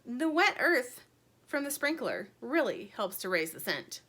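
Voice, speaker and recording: A bossy little female chick from a storybook, firm and demanding, sounding sure of herself, as a woman puts her on. The voice is high and bright, with lively swings in pitch. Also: measured pace, exaggerated voice. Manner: confident, demanding.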